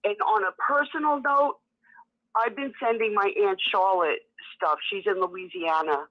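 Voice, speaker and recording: A woman's voice: mid-range voice, unhurried. A woman with a New York accent, calling in to a talk show and telling a story in a chatty way over the phone. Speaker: caller. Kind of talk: phone-in chat. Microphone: telephone. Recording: muffled phone line.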